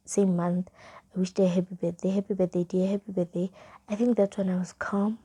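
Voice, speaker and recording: A young South African woman with a South African accent, casually telling a storytime vlog and reading old chat messages aloud in a soft, half-whispered way. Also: mid-range voice, flat delivery, a little fast, hardly any pauses, slightly rough. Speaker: vlogger.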